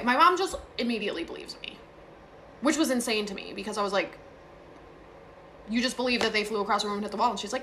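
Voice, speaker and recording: Young woman, bright voice, casual ghost-story teller, faint hiss, phone video. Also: fairly high pitch, fast talker, long pauses. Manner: chatty, frequent fillers and asides.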